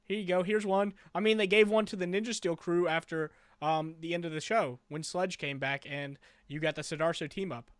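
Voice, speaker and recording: A man co-hosting a fan review podcast, chatting casually with excitable, quick back-and-forth banter. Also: a little high, clean tone, no room sound. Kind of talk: casual chat.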